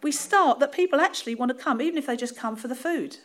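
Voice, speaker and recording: A woman's voice: sits high, animated, quick pace. A woman from London's East End with a Cockney accent, preaching an informal, laughing, self-deprecating sermon.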